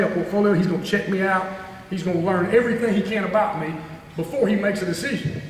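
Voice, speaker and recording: Folksy former coach in echoey hall. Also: male voice, high voice. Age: middle-aged. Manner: folksy storytelling, rambling with restarts. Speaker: guest speaker, former head coach. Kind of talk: motivational speech to a club meeting. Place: banquet room. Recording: echoey hall, distant mic, faint noise.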